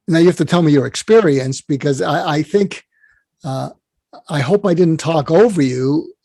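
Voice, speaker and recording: A man with a fairly high voice tells long, wandering stories as an interview guest, often restarting his sentences. The sound is dry and close. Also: mellow, dry recording. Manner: rambling storyteller, many restarts. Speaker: psychiatrist guest. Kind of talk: conversational interview storytelling.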